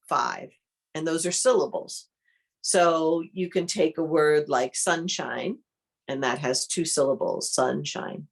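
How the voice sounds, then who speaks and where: Low-voiced woman running an online art class, takes her time, thinks out loud as she goes. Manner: calm, unhurried, thinks aloud while demonstrating. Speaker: art workshop instructor. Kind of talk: online interactive workshop teaching.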